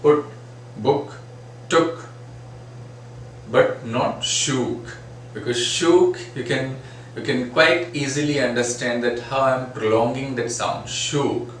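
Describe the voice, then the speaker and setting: A man's voice: medium pitch, unhurried, a bit bright. A man teaching phonetics, patiently repeating sample words to demonstrate each sound. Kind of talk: classroom lecture. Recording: very echoey room, far from mic, faint noise.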